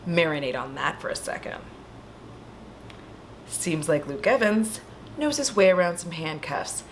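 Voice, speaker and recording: A woman with a fairly low voice gives a loose, foul-mouthed recap of a horror film from her home. She talks straight to her viewers with lots of playful asides. A faint hiss of noise sits under her voice. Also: unhurried. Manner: animated, swears freely, chatty asides to viewers. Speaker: horror movie recap vlogger. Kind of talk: casual profane movie recap.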